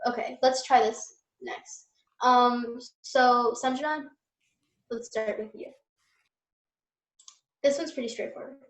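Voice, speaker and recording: A woman's voice: fairly high pitch, takes it slowly, pauses often, roomy sound, rough recording. A young woman tutoring an online Spanish class, explaining step by step with patient fillers.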